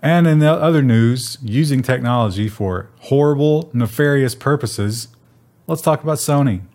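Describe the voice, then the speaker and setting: A man's voice: mid-range voice, moderate pace, a little mellow. A man co-hosting a tech news show in casual chat, making dry, sarcastic jokes.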